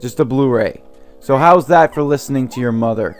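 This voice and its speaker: A man's voice: mid-range voice, moderate pace, faint music behind. Young man ranting over gameplay, swearing. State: sore throat from yelling. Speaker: let's play host. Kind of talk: gameplay commentary.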